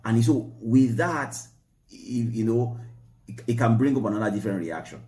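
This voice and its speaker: A man co-hosting a marriage Q&A show, explaining in a relaxed, repetitive way that stresses key points. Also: fairly low pitch, normal speed, roomy sound. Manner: repetitive, emphatic, explaining step by step. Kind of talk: relaxed advice talk.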